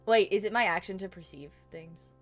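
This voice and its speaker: A woman's voice: medium pitch, fairly quick, soft background music. A woman playing a tabletop game, chatting casually, swearing freely, laughing often and thinking aloud.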